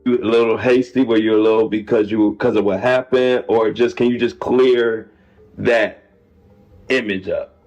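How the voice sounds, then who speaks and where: A man's voice: lowish voice, steady tone, moderate pace, a little mellow, faint music behind. A man interviewing someone, asking questions in a stumbling way with repeated words. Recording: muffled clip.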